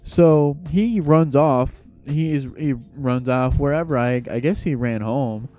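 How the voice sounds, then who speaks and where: A young man spins a casual storytime tale, slangy and rambling. His voice is mellow and a little dark, sitting at an ordinary pitch. Faint music plays underneath. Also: measured pace, dull audio. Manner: slangy, laid-back rambling.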